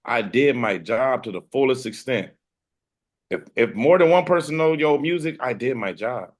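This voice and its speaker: A man's voice: mid-range voice, animated, moderate pace. Boastful streetwise man, casual talk. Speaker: hip hop artist guest. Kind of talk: casual interview chat. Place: room with ceiling fan and air conditioner.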